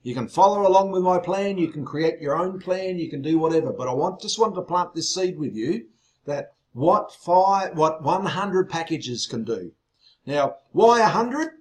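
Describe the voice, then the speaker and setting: A man hosting an online sales webinar, excitable and teasing, his voice growing loud as he gets worked up. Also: fairly high pitch, normal speed. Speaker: webinar host.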